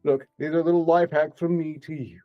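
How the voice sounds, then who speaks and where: A man's voice: a little high, steady tone, a little fast, highs cut off, soft background music. A man co-hosting a comedy livestream, rambling in a dry, mock-grand manner. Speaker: co-host. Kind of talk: live comedy stream.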